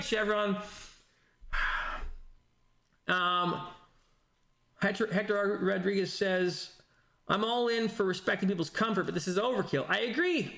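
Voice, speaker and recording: A man with a notably high voice hosts a relaxed stream, reading out viewer comments. He rambles, circles back, and restarts sentences often. His tone is bright and forward. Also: unhurried, long pauses. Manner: rambling, with frequent restarts and self-corrections. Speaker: host reading live chat comments. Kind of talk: casual livestream chat.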